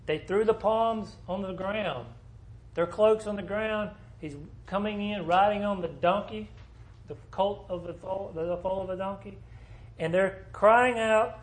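A man's voice: sits high, lively intonation, measured pace. A man teaching a small Bible class in a conversational way, asking the group questions as he explains the passage.

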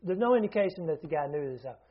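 Higher-voiced man preaching conversationally. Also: lively intonation, very fast, highs cut off. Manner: conversational teaching, asks listeners questions, frequent restarts. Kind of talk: sermon.

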